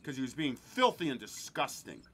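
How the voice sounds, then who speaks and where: A man's voice: medium pitch, sing-song, moderate pace, crowd noise. A man hosting a podcast in a crude, joking casual chat, laughing often. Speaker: podcast host.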